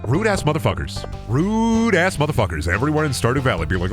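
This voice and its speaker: A male streamer with a lively voice that leaps up and down in pitch, swearing his way through rambling, mock-dramatic rants. Game music plays clearly behind him as he talks to his chat. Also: quick pace, hardly any pauses. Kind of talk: casual gameplay commentary.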